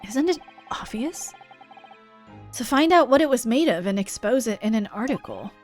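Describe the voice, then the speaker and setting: A woman's voice: fairly high pitch, lively intonation, normal speed, darkish tone, faint music behind, close to an everyday voice. A woman voicing a sly young male reporter in a game, confessing earnestly and flaring up defensively.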